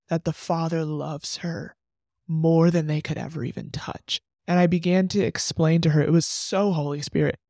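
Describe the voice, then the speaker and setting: A woman's voice: deep voice, darkish tone, dry recording, studio quality. A woman hosting a faith podcast, telling a personal testimony in an earnest, reflective way with lots of "like" fillers. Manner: earnest and reflective, heavy use of "like". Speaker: podcast host sharing a testimony.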